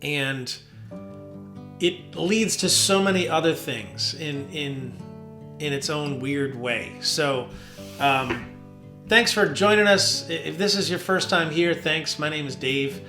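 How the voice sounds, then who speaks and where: Man, worship leader, casual devotional chat, rambling, bright tone, echoey studio, faint guitar. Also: on the high side, slow pace. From New Jersey. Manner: relaxed, rambling, with fillers. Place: home basement studio. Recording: roomy studio with soft guitar.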